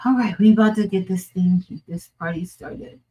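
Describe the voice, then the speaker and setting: A woman's voice: medium pitch, fairly even intonation, moderate pace, warm tone, poor audio. A woman hosting a crafting livestream, chatting casually and muttering to herself as she works, with frequent laughs. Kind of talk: casual think-aloud crafting stream.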